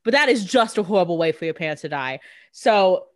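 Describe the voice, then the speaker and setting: A woman's voice: fairly low pitch, expressive, brisk. A woman co-hosting a podcast, chatting casually about a TV episode, often restarting and repeating words. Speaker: podcast co-host. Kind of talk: casual TV episode recap chat.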